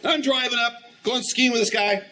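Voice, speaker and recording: A man's voice: very high-pitched, fairly even intonation, moderate pace, pushed and bright, recorded from a distance, poor audio. A man in his fifties giving a training talk, telling a story animatedly and acting out the dialogue. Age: 50s. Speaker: ski instructor trainer. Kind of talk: storytelling presentation.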